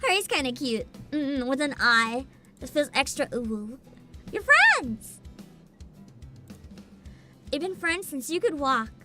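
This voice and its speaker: A woman's voice: high voice, lively intonation, normal speed. A young woman streaming a story game, chatting casually and playfully with her viewers and giggling often. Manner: giggly, playful, talks to chat. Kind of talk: casual livestream chat. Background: faint game music.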